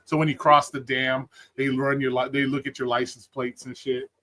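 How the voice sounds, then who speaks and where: A man's voice: mid-range voice, flat delivery, moderate pace, pushed and bright. Blunt, profane man telling stories. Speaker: storyteller on a live stream. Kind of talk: casual storytelling.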